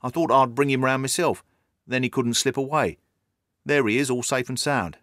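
A man reading the part of a dutiful male railway porter, speaking in a hushed, businesslike way. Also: mid-range voice, moderate pace, no echo, clean studio sound, natural voice.

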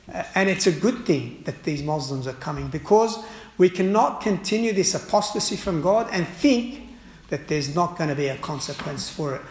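A man who is a priest, preaching a sermon forcefully, with frequent "uh" fillers and restarts. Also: high voice. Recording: echoey room.

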